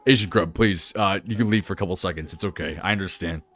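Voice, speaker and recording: A man live-streaming a video game, animated, laughing and chatting with his viewers. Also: low-pitched, fast. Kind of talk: live gameplay commentary.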